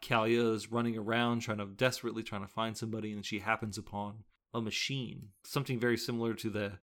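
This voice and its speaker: A man's voice: on the low side, flat delivery, fast talker, a bit bright. A man co-hosting a casual movie podcast, retelling the plot and arguing his point with rising emphasis. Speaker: podcast co-host. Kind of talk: casual movie-review chat.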